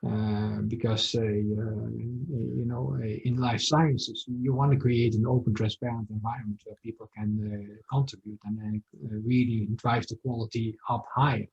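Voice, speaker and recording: A company founder talks through his work in an interview, full of pauses and filler sounds. His voice is mellow with a gravelly fry. The call audio is dull and lo-fi. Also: mid-range voice, steady tone. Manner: hesitant, many fillers. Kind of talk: business interview.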